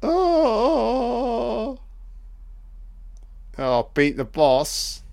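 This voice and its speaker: A man's voice: mid-range voice, slow pace, smooth. A man giving a mocking, profane running commentary on a film he is watching for the first time. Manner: mocking, profane, deadpan asides. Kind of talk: sarcastic solo film commentary.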